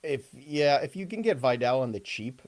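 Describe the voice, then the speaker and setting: A man's voice: mid-range voice, lively intonation, normal speed, a little mellow. Joking male fantasy football host. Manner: joking and loose, often laughing. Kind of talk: live casual sports advice chat.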